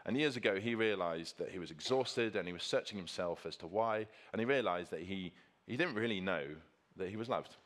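A man's voice: low-pitched, a little fast, hardly any pauses, a bit bright. A man preaching a sermon with slides, earnest and emphatic, repeating key phrases for stress.

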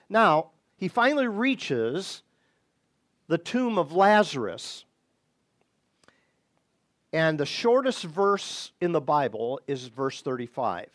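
A Bible teacher with a notably high, very animated voice walks listeners through a Bible passage. He takes his time and speaks in a measured, deliberate way, then leans hard into key words in bursts of emphasis.

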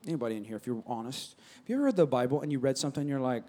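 A man preaching a sermon, animated, swinging from loud calls to soft near-whispers and prompting the congregation. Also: mid-range voice, very fast. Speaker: pastor.

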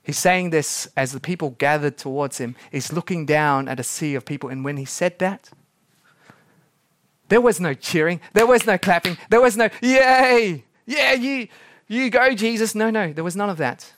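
A man preaching a sermon as pastor, dramatic, acting out quotes and slowing down for emphasis. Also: a little high, dry recording.

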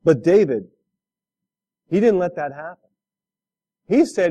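A man's voice: high voice, lively intonation, takes it slowly, pauses often, warm tone. A man preaching a sermon, telling a story with laughs and asking the listeners direct questions. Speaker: pastor.

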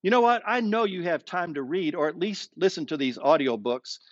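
A male pastor delivers an expressive sermon, often slowing down and sinking into a low voice to stress a point. His voice sits fairly high. The recording is dry and slightly dull. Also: no room sound. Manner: expressive preaching, slows down and drops low for emphasis. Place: streamed sermon with online chat.

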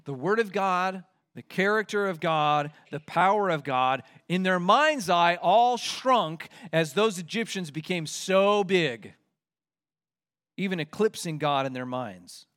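Male pastor, higher-pitched, expository sermon delivery with lively acted-out complaints. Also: takes it slowly. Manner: expository preaching with acted-out complaints and rising emphasis.

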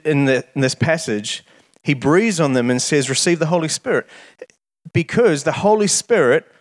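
An earnest man preaches a sermon in a voice that sits a little high for a man. He often repeats a word or two as he starts his phrases, then presses on with warm conviction.

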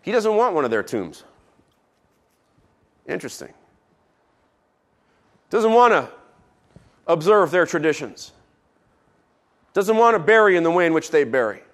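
A man preaching a sermon as pastor, who drops low and quiet for emphasis and adds playful asides. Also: big pitch swings, measured pace, long pauses.

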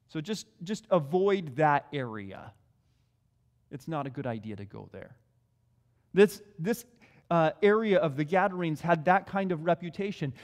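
Sex: man. Role: pastor. Style: conversational sermon, repeats key phrases. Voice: high. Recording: long hall reverb.

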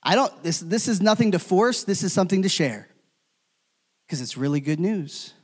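A man preaching to a morning congregation, his voice sitting a little high for a man. He drives his points with loud emphatic calls, then sinks to hushed, almost whispered endings. The sound carries a long reverb, as in a church hall. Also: expressive, normal speed, breathy edge. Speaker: pastor. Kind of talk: sermon.

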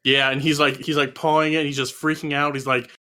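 A man's voice: on the high side, little pitch movement, a little fast, pushed and bright. A man co-hosting a casual film review podcast, talking through his notes with dry, sardonic humor. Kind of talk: casual chat.

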